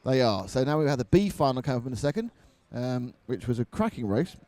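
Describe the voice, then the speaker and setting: A man's voice: mid-range voice, big pitch swings, quick pace, dark tone. A man commentating live on a model car race, mixing race calls with jokey banter.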